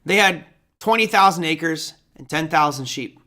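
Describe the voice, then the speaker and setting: A man's voice: a little high, animated, normal speed, sharp tone. A middle-aged man hosting a live market analysis stream, chatty and casual as he walks through charts and answers viewer questions. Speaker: trading stream host.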